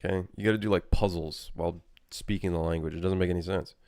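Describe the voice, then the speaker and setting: A man's voice: low voice, steady tone, fast talker, a little mellow, no room sound, studio quality. A young man, a native French speaker, casually chatting with his live-stream audience while building a game level, joking and rambling as he answers chat.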